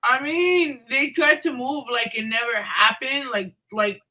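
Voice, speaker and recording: A woman co-hosting a wrestling podcast, chiming in with excitable reactions and jokey asides. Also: fairly high pitch, unhurried, rough recording. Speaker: podcast co-host. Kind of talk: casual wrestling chat.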